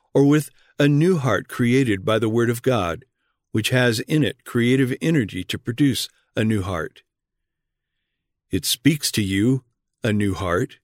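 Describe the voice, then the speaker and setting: Male reader, mid pitch, earnest read-aloud sermon that presses questions on the listener; dry, roomless recording. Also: dry recording.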